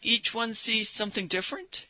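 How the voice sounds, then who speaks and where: High-voiced preacher teasing his congregation. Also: moderate pace, lo-fi sound. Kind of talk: sermon.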